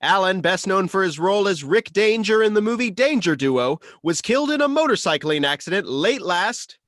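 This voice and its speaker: A man's voice: sits high, animated, normal speed, a bit bright, no echo, clean studio sound, pitched above the performer's own voice. A formal male TV news anchor reads the headlines in a polished announcer delivery, as a man puts on the voice. The voice sits raised and punchy, as in a table-read drama.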